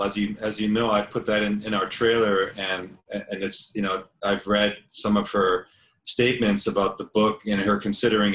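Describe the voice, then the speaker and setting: Low-voiced man in an echoey room. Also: a bit bright. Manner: halting, many fillers and restarts. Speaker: film director and interviewer. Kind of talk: online interview. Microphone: video call.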